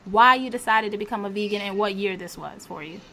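Woman, podcast host, enthusiastic, casual interview chat, bright tone. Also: mid-range voice, fairly quick. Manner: enthusiastic, laughs often.

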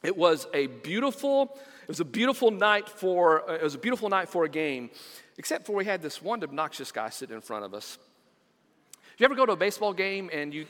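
A man's voice: sits high, fairly bright tone, long reverb tail. A middle-aged man, preaching a sermon as pastor, telling stories and repeating words for emphasis.

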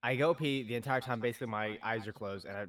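A young man co-hosting a podcast, telling stories in a casual, animated way, swearing often and acting out what people said. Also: mid-range voice, fast talker, no echo. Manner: animated storyteller, swears a lot, acts out quotes. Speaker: podcast co-host. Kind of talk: casual chat.

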